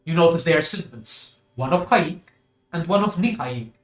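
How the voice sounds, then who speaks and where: A man narrating a tabletop game as game master, describing scenes slowly in the second person. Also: on the high side, expressive, echoey room.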